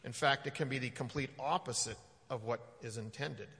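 Man, pastor, conversational sermon, gravelly, halting with fillers, long hall reverb. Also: medium pitch, a bit bright.

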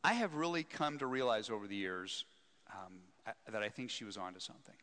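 A man who leads a seminary, telling a story in an animated, self-mocking way during a teaching talk. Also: fairly low pitch, brisk. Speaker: seminary president, speaker. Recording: echoey hall.

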